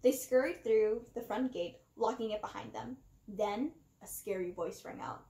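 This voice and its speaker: A woman reading a children's storybook aloud, animated and acting out the narrator. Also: mid-range voice, moderate pace, creaky. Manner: animated, acts out the first-person narrator. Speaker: storybook reader. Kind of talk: expressive storybook read-aloud. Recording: roomy echo.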